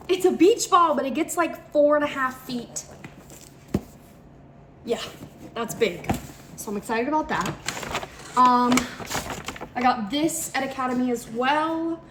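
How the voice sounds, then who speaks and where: A young woman from Georgia in the US who has no Southern accent, chatting casually and rambling as she vlogs her day, often correcting herself. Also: sits high. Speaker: vlogger. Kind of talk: casual vlog chat. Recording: loud traffic and road noise behind.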